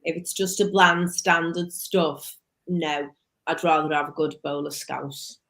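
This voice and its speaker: A woman co-hosts a casual chat show in a slightly low voice. She puts questions to the guest and chimes in with friendly agreement. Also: fairly even intonation, a little slow, fairly bright tone. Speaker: co-host.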